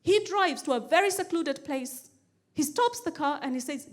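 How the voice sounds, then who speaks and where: Woman stand-up comic, high voice, animated storyteller who leans on repetition. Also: moderate pace. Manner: animated storyteller, repeats phrases for comic rhythm. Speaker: stand-up comedian.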